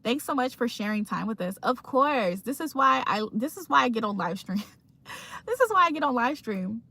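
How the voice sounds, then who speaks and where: Young woman from Virginia, livestream host, slightly high pitch, easygoing chat with frequent laughs. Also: very animated, moderate pace, bright, forceful tone. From Virginia, USA. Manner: laid-back, chatty, laughs often. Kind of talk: casual chat reading live comments.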